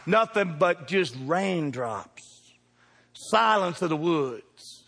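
Speaking very slowly in a husky voice pitched high for a man, a pastor tells a funny story in a sermon. Animated and jokey, he shifts from quiet asides to loud calls aimed at the congregation, and a long reverb fills the big church sanctuary.

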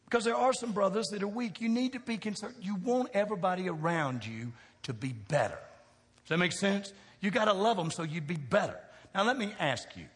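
A man preaching a sermon, talking with the crowd in a chatty way, asking questions, going from quiet to loud. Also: sits high, lively intonation, fairly quick, husky. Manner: conversational preaching, asks the crowd questions, swings from soft to shouting. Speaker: pastor. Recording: long hall reverb.

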